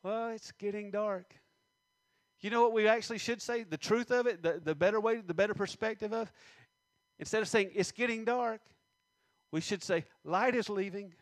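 High-voiced emphatic male preacher. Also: dry recording. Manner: emphatic, reads scripture slowly, asks the congregation questions. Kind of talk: sermon.

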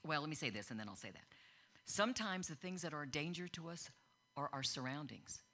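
A woman in middle age delivers a sermon with a bright, forceful tone. She sits a bit low in pitch, acts out the voices she quotes, and grows loud and worked up at times. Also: lively intonation, fairly quick. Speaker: pastor.

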